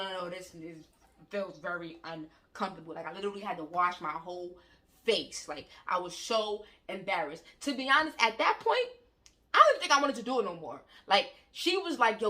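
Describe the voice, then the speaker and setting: A young woman vlogger telling a story to camera in a casual, slangy, animated way, acting out the scenes as she goes. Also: mid-range voice.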